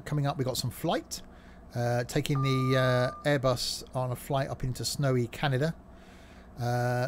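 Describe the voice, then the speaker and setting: A man's voice: mid-range voice, slight background noise. A man streaming a train game live, rambling through jokey commentary full of "uh" fillers. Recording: train game sounds under voice.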